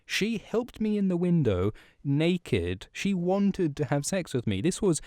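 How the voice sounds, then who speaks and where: A man's voice: sits high, sing-song, measured pace, dark tone, dry recording, studio quality, voice pushed up. A man doing an indignant, ranting young guy. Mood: aggrieved.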